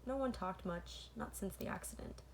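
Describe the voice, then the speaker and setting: A woman's voice: medium pitch, moderate pace, vocal fry. A woman reads a children's novel aloud in a mid-range voice. She fixes her own slips as she goes and breaks off now and then to talk to her listeners directly. A faint hiss sits under the recording. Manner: stops to comment to listeners between passages. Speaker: read-aloud host.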